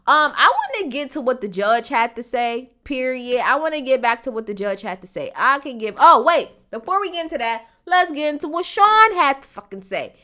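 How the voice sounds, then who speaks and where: A young woman with a high-leaning, bright voice delivers casual commentary. She is blunt and exasperated, swearing freely as her pitch swings widely. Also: animated, normal speed, few pauses. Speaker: commentator reacting to a court case.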